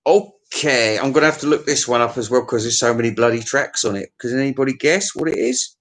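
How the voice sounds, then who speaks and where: A man's voice: mid-range voice, expressive, brisk, fairly bright tone. A man giving a rambling, crude comic monologue, swearing freely and chuckling as he reviews albums.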